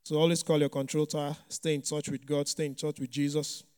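A man's voice: fairly high pitch, little pitch movement, fairly quick, a little mellow, clean tone. A male pastor giving a conversational sermon, full of "you know" asides and frequent light chuckles. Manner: chatty, many "you know" fillers, chuckles often.

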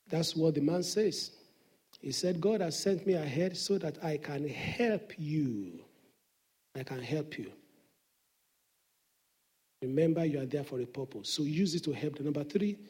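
Husky-voiced preaching man. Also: on the high side. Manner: impassioned preaching, swings from hushed to loud; acts out quoted dialogue. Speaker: senior pastor. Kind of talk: sermon. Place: church.

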